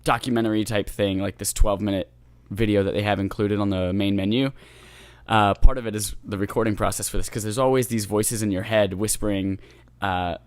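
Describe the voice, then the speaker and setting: A man's voice: on the low side, fairly even intonation, fairly quick, no room sound. Enthusiastic, joking man co-hosting a podcast. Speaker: podcast co-host. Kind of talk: casual gaming podcast chat.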